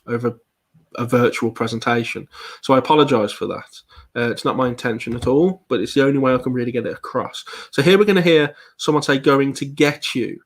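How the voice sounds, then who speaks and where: Hesitant man presenting online. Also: medium pitch. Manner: hesitant, frequent ums and repeated words. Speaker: paranormal investigator giving a presentation.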